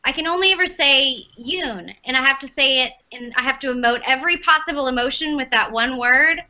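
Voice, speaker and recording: A woman's voice: high voice, a little fast, sharp tone, dull audio. A woman voice actress chatting as a podcast guest, rambling with lots of fillers. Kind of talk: casual podcast chat.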